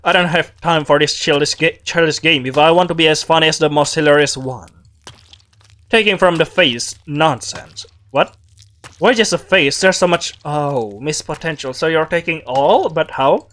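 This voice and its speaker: A man's voice: on the high side, moderate pace, a bit bright, close to an everyday voice. A man reading a deranged, scornful game villain. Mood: scornful muttering. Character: deranged man obsessed with being funny.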